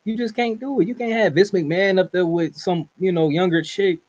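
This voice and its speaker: Co-hosting a casual wrestling podcast, a man argues his opinions emphatically in slang and laughs a lot. His voice sits high, is a little mellow, and moves fairly quickly, on a dull, lo-fi recording.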